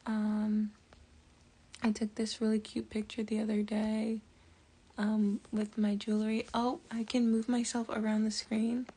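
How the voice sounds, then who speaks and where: A woman talks unhurriedly on a casual live stream, her voice carrying a gravelly fry. She rambles and thinks aloud, dropping into soft whispered asides now and then. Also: on the high side, monotone, unhurried. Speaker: tarot reader and jewelry maker.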